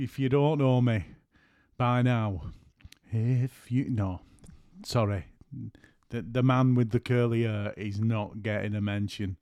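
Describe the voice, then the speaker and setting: A middle-aged man, a podcast host and photographer, records a casual solo podcast at home after work, rambling, joking and breaking off mid-sentence. His voice is medium-pitched and darkish, with studio-quality sound and no room sound.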